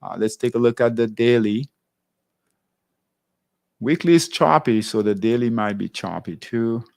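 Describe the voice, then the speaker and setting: Unhurried and medium-pitched, this man's voice carries vocal fry and a slight mellowness. As host of a live trading class, he explains charts casually and regularly checks in with viewers by saying "all right?"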